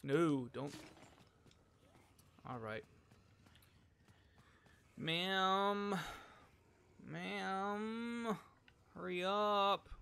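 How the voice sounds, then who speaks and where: A man's voice: on the high side, creaky, fairly bright tone. A young man streaming a video game, chatting casually in a crude, profane, rambling way between jokes and mutters. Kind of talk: casual gameplay commentary.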